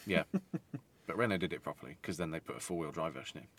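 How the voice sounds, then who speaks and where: Deep, bright-voiced man chatting. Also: fast. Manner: enthusiastic, laughs often, rambling car talk. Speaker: podcast co-host. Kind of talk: casual chat.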